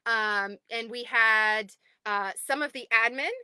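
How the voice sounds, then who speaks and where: Woman, 30s, group owner, chatty and excitable livestream host, dry close sound. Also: a little high, takes it slowly, clear, resonant tone, no room sound. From United States. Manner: excitable, chatty, greets viewers by name. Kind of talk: casual livestream chat. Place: home.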